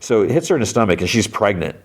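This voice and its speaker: Deep-voiced guy podcast host, rambling recap, lots of likes and you knows. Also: sing-song, fast. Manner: rambling retelling full of "like" and "you know". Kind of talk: casual episode recap.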